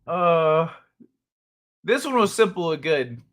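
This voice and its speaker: A man's voice: fairly high pitch, sing-song, takes it slowly, a bit bright. A man hosting a casual late-night livestream, reading headlines aloud, swearing freely and laughing often. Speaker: livestream host.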